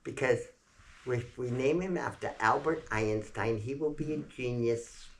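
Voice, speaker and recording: A man's voice: mid-range voice, a little slow, slight background noise, natural voice. A man voicing the eldest girl of a big family, earnest and matter-of-fact.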